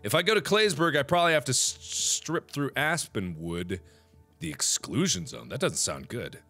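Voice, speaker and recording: A man giving let's play commentary on a video game, swinging between loud outbursts and mumbled planning. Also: mid-range voice, big pitch swings, moderate pace. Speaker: gaming video host. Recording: game music clearly audible behind. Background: game music.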